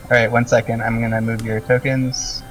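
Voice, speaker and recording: Game master, male, halting descriptive narration, distant mic with faint music. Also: medium pitch, flat delivery. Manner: descriptive, full of "um" and "like".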